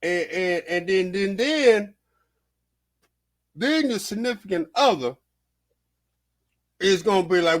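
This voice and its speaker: A man's voice: high voice, takes it slowly, pauses often. A man hosting a vlog, giving casual, heated reaction commentary, repeating himself and swearing as he riffs. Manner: animated, repetitive, swearing, heated. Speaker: vlog host.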